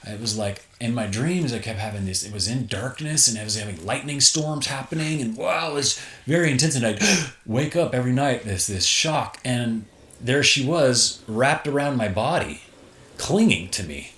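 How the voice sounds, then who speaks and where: A man's voice: medium pitch, expressive, normal speed, fairly bright tone. A middle-aged man telling a personal story in a casual interview, acting out scenes with gasps and exclamations. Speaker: guest. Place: tipi. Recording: roomy echo, faint noise.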